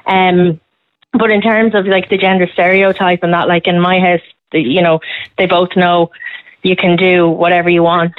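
A woman's voice: lowish voice, flat delivery, dry recording. A woman, calling in to a radio show and chatting emphatically about parenting. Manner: chatty and emphatic, quick laughs. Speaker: caller. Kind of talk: casual radio phone-in chat. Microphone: phone. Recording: tinny phone line, dry.

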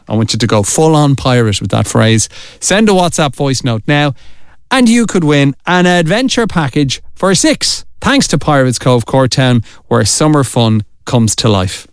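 An Irish man presenting a radio competition promo in an energetic, salesy way, repeating the key details. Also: mid-range voice, unhurried, clean tone, no echo, studio quality. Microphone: studio mic, dry.

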